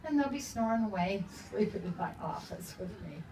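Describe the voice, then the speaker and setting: A woman's voice: medium pitch, animated, moderate pace, mellow. Older woman author chatting in a roomy store. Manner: chatty, laughs often. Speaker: author at a book talk. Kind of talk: casual storytelling to an audience. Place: bookstore event room. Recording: roomy, from a distance, faint ambience.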